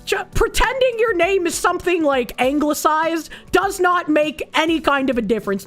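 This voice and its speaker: A woman's voice: very high voice, animated, moderate pace, few pauses, soft background music. A young woman streamer chatting casually with her viewers in a blunt, sarcastic way, with a lot of swearing. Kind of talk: casual chat reacting to chat messages.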